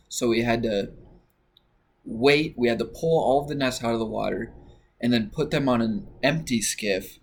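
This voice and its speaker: A young man recounts a story in a loose, easygoing way. He rambles and leans on filler words as he goes. His voice sits at an ordinary middle pitch. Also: slight background noise. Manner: relaxed, rambling with many fillers. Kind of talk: casual personal story.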